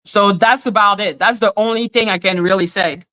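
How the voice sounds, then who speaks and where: Emphatic bright-voiced Canadian woman ranting. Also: brisk. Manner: emphatic, swears freely, mimics others in high voices. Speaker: live stream host. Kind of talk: heated casual rant.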